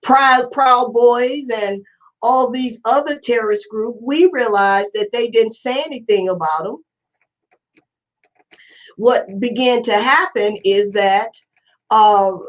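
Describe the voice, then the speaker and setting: Woman commentator, high voice, animated and incredulous, muffled lo-fi sound. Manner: incredulous, exclaiming, rhetorical questions. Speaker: host. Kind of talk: casual commentary. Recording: lo-fi muffled recording.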